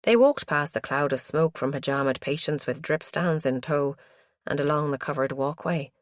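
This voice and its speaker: Woman narrator, low voice, measured thriller reading, dry studio sound. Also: no room sound. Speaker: audiobook narrator. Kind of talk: scripted narration.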